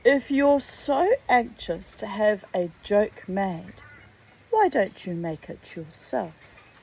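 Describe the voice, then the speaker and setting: This is an impatient, proper young girl from a storybook, voiced by a woman reading aloud. The tone is husky and mellow. It swoops in pitch and keeps a slow pace. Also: lively intonation, full character voice, low-quality recording. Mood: irritated. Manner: indignant protesting.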